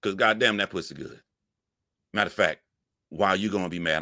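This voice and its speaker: Deep-voiced man telling a raunchy story. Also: a little fast, dry recording, clean studio sound. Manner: animated, laughing, profane, jumps up in pitch for emphasis. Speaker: comedic storyteller. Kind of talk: profane comedic storytelling.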